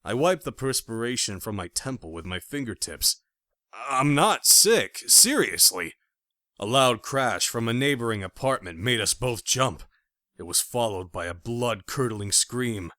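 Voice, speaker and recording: A man narrating a thriller audiobook in the first person, with expressive storytelling. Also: fairly low pitch, normal speed, no room sound, clean studio sound.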